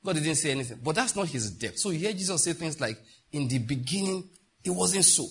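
A man's voice: on the high side, expressive, fairly quick, fairly bright tone, husky. A middle-aged man, preaching a sermon emphatically and asking the congregation rhetorical questions. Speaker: pastor.

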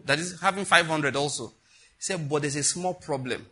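A man preaching with a bright, forceful voice that has a husky edge. He sits a little high for a man and tells his stories with animation, slipping into the voices of the people he describes. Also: normal speed. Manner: animated storytelling, acts out quoted voices. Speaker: pastor. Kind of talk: sermon with personal stories.

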